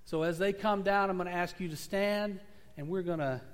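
Male pastor, high voice, earnest storyteller rising and falling in volume, church sanctuary with long reverb. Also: normal speed. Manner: earnest storytelling preaching, swelling and dropping in volume. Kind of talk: sermon.

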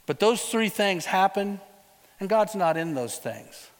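Male preacher, high voice, casual storytelling sermon, asks the congregation questions, long hall reverb. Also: measured pace. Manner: lively storytelling with rhetorical questions to the listeners; casual, conversational phrasing. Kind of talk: sermon retelling a Bible story.

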